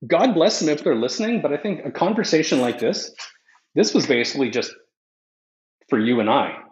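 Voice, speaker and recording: A man's voice: on the high side, expressive, a little fast, slight background noise. A man co-hosting a podcast in casual chat, joking sarcastically and swearing freely. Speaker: podcast co-host. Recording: roomy, slightly dull recording.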